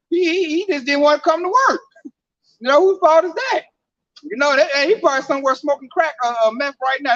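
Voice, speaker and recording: A man with a very high voice speaks from some distance off the microphone. He tells stories in an emphatic, slangy way at a scripture discussion. The sound is dry and dull. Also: fairly bright tone, dry recording. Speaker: camp speaker.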